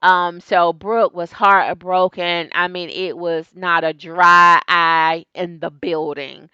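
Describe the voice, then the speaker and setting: A woman reviewing a reality TV show in a casual, gossipy vlog, talking straight to her viewers and getting animated when excited. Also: on the low side, slow pace, clear, resonant tone, no room sound, muffled recording. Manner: chatty and gossipy, talks straight to viewers as "y'all" and "girl". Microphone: desk microphone.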